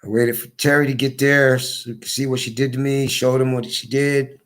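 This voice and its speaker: A hoarse man telling his story in a casual monologue, repeating his points for emphasis. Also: mid-range voice, flat delivery, moderate pace. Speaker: vlogger.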